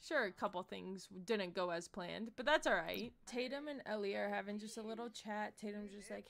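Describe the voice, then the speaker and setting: Excitable young woman, gravelly edge. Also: mid-range voice. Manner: excitable and gushing, quick gasps and squeals. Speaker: let's play host. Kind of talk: casual gameplay commentary.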